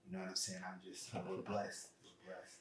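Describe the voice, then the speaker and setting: A man's voice: sits low, monotone, normal speed, a crowd in the background. A man as a guest on a podcast, talking earnestly and from the heart in a casual interview chat. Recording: roomy, echoey room.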